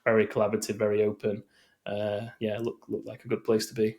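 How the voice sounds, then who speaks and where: A man's voice: on the low side, monotone, fairly quick, a little mellow. A man co-hosting a podcast in casual chat, rambling and hesitant with many fillers. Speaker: podcast co-host.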